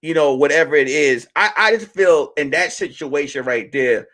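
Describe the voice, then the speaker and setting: High-voiced, animated male comedian. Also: moderate pace. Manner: animated, profane, rambling restarts. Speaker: comedian host. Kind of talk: live-stream comedy rant.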